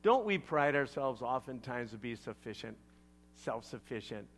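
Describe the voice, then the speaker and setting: A male pastor preaching a sermon, retelling a scripture story with animated asides to the congregation. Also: medium pitch, normal speed, faint music behind.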